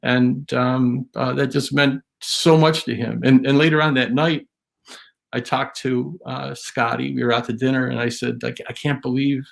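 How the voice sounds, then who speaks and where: A man telling a long anecdote in a casual interview, rambling and animated, with many restarts. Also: mid-range voice, gravelly. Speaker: guest drum historian.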